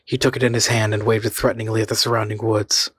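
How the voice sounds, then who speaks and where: A man reading a horror story aloud in a measured, suspenseful way. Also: on the low side, little pitch movement, fairly bright tone, slightly rough. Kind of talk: scripted horror story narration.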